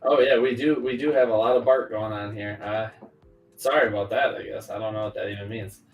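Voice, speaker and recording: A man's voice: on the low side, steady tone, fairly quick, highs cut off. Easygoing man in an echoey room. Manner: easygoing, joking, casual swearing. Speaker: guest customizer. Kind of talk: casual live-stream chat.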